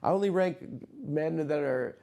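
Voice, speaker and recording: A man hosting a comedy podcast, talking in excitable, profane, rambling riffs. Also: a little high, measured pace, vocal fry. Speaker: host. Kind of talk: casual comedic podcast chat.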